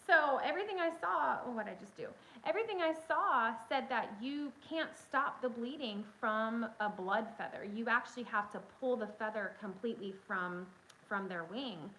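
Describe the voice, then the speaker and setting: A woman hosting a casual livestream from home on her phone, telling a story in an excitable, chatty way and talking straight to her viewers. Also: fairly high pitch, moderate pace, a little hiss or hum, low-quality recording. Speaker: livestream host.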